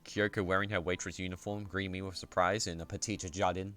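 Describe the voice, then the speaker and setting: A man streaming himself as he reads a visual novel aloud, narrating in the first person in a soft-spoken, unhurried way. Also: low voice, flat delivery, soft background music.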